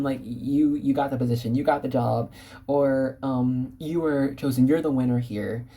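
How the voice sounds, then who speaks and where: Low-voiced bubbly woman tarot reader. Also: normal speed, warm tone, slightly rough. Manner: bubbly, rambling, giggly. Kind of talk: casual tarot reading to viewers.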